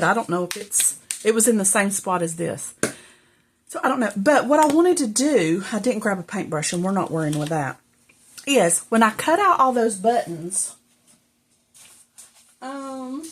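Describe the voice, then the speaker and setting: Indoors in her home craft room, a middle-aged woman chats to viewers while she crafts. Her voice is on the high side with a breathy edge, and she sounds out of breath, rambling and talking to herself as she works.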